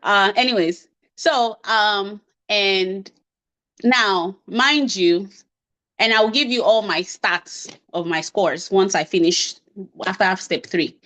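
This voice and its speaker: A woman's voice: medium pitch, slow, sharp tone. Chatty woman telling her story. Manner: chatty, self-deprecating, acts out dialogue. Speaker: invited speaker on medical residency. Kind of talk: personal story talk to an audience.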